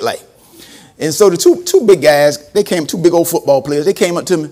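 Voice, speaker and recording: Animated preacher with a high voice. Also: male voice, fairly quick, soft background music. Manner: animated, acts out quotes, laughs often. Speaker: preacher and former school principal. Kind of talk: storytelling sermon.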